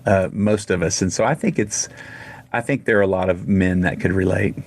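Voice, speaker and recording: Low-voiced man, rambling radio guest. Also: brisk. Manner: rambling, retells conversations in quotes. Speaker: guest, singer. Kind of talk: casual interview storytelling.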